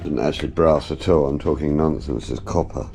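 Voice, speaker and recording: Very deep-voiced man, chatty. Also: a little fast, creaky, background noise. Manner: chatty, jokey, explains while working. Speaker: car builder vlogger. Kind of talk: casual workshop commentary. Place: home workshop.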